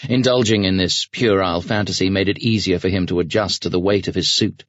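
A man narrating an audiobook in a measured, even reading voice, recorded close in a studio. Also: low voice, no echo. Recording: dry, slightly dull studio recording.

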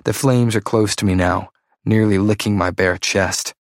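Brief: low-pitched male narrator, tense dramatic first-person read, dry booth sound. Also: steady tone, normal speed, no room sound. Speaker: audiobook narrator.

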